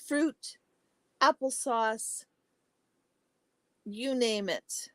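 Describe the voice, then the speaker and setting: A woman hosting a casual livestream chat, reading viewer comments aloud and answering each by name, chatty and exclamatory with soft asides. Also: a little high, extremely slow, no room sound. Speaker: livestream host.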